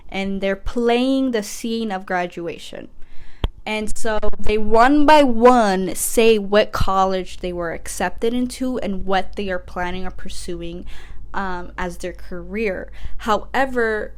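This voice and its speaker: A woman podcast host giving a casual, rambling comedic recap, animated and full of fillers. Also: mid-range voice, slow, smooth.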